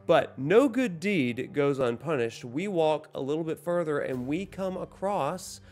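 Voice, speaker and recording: A man's voice: fairly high pitch, unhurried, faint music behind. A man telling a casual, self-deprecating story about his game session, acting out the lines. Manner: animated storyteller, self-deprecating, acts out dialogue. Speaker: gaming vlogger. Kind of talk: casual gameplay recap.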